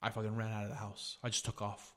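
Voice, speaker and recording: Laid-back, low-voiced young man telling a story. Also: monotone, fast. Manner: profane, laid-back, says "dude" a lot. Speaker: podcast host. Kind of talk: casual storytelling chat.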